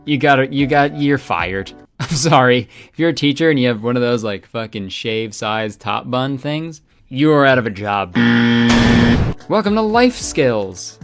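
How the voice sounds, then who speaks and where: A man's voice: medium pitch, moderate pace, a bit bright, soft background music. A man giving casual, joking commentary while playing a story game, laughing and swearing often. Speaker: gaming commentator.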